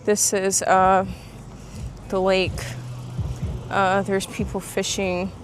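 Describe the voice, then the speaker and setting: This medium-pitched woman talks slowly and in a monotone, with faint hiss or hum underneath. She's chatting casually for a vlog near a lake, filming on a handheld phone as she walks, short of breath, laughing often and raving about animals.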